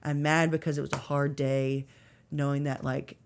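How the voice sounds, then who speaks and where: A woman's voice: rumbling low, flat delivery, moderate pace, vocal fry, slight background noise. A woman in her thirties telling an earnest, emotional story of faith and struggle as a podcast guest, with many fillers. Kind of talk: personal faith testimony.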